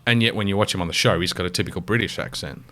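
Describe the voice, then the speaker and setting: A man's voice: sits low, very fast, pushed and bright. A man with an Australian accent co-hosting a podcast, rambling enthusiastically and swearing casually as he chats. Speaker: podcast co-host. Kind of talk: casual chat.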